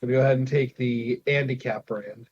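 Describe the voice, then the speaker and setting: A man's voice: medium pitch, fairly even intonation, fast, darkish tone, breathy edge, lo-fi sound. A man co-hosting a casual podcast, teasing his friends and laughing often. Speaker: podcast co-host. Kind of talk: casual chat among friends.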